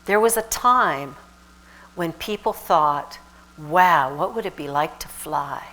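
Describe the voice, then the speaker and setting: A woman minister giving a lively, animated sermon, with sudden shouted exhortations and laughter. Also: low-pitched, takes it slowly, low-quality recording.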